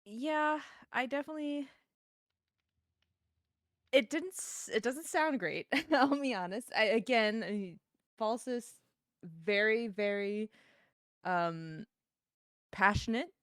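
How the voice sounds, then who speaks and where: A woman's voice: fairly high pitch, slow pace, long pauses, a bit bright, no echo. A woman chatting casually in a dry, close-sounding recording. She listens supportively and laughs easily. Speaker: co-player in conversation. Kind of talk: casual chat.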